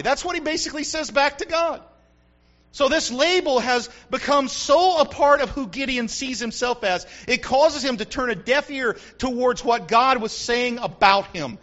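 A male pastor delivering an animated sermon, repeating phrases for emphasis and building up to shouts. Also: very high-pitched, normal speed, muffled recording.

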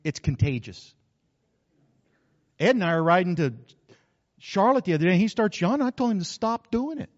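Lively pastor preaching in a reverberant church. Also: male voice, sits high, moderate pace, long pauses, dull audio. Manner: folksy and joking, with frequent asides to the congregation. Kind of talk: sermon.

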